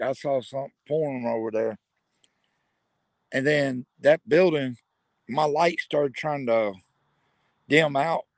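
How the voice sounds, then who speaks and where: A man investigating the paranormal at night outdoors, calling out questions to unseen spirits in a hushed, probing way. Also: medium pitch, gravelly, no room sound. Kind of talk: ghost-hunting vlog narration. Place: outdoors at night near a building.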